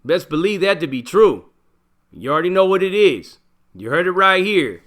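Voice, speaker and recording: A man's voice: sits high, lively intonation, normal speed, a bit bright. A middle-aged man telling prison stories in a blunt, profane, casual monologue full of street slang. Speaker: channel host, former prisoner telling stories.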